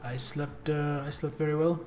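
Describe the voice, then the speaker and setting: A man's voice: a little high, level tone, normal speed, a little mellow, soft background music. A man streaming a video game live, chatting with viewers and reading on-screen text aloud.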